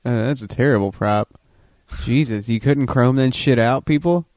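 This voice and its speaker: A man's voice: mid-range voice, normal speed, a little mellow, dry recording, clean studio sound. Sarcastic man riffing on a movie. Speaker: co-host watching a film. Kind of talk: casual chat.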